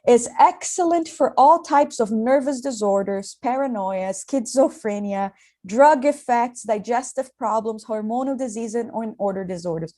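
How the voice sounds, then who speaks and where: A woman's voice: on the high side, normal speed, warm tone, natural voice. A woman reading as a weary, wry man on the phone.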